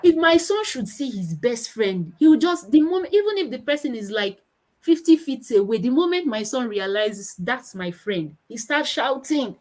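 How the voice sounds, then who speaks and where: Speaking at normal speed with a voice on the high side, a woman in her thirties with a Nigerian accent presents at a conference about how children speak. She brings her anecdotes to life by imitating her own children. The recording sounds rough.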